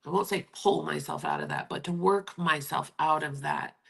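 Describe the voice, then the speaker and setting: A woman's voice: sits low, wildly swooping pitch, normal speed, gravelly, husky. A woman hosting a candid livestream chat, talking emotionally and confidingly straight to her viewers. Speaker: livestream host. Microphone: streaming setup.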